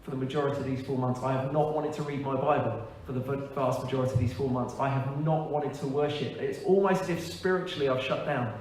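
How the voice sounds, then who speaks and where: A man, a pastor, giving a frank, earnest testimony in a church service, with pauses and hesitations. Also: mid-range voice, steady tone, a little mellow, slight background noise. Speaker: church pastor on leave, interviewee. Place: large echoey church hall. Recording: echoey hall, distant mic, faint ambience.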